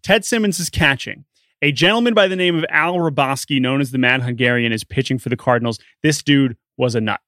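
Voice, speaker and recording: A man co-hosting a sports podcast, telling a story in an animated, chatty way. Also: medium pitch, brisk, no echo. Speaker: podcast co-host. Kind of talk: casual sports podcast chat.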